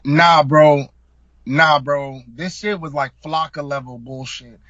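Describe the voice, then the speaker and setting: Animated young man telling a wild story. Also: fairly high pitch, slow pace, no room sound, highs cut off. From South Florida. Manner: animated, slangy, emphatic. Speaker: guest, hip hop artist. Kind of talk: casual storytelling.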